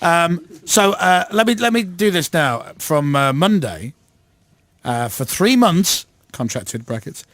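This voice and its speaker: A man's voice: a little high, expressive, fairly bright tone. A man hosting a radio show, firing off teasing questions in casual studio banter. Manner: teasing, quick-fire questions. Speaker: radio host. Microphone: studio microphone.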